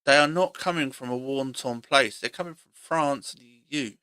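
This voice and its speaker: Male vlogger, blunt and argumentative, repeats himself. Bright tone with a tense edge, dry close recording. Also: medium pitch, moderate pace, smooth, no echo. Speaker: opinion vlogger. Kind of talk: opinionated monologue.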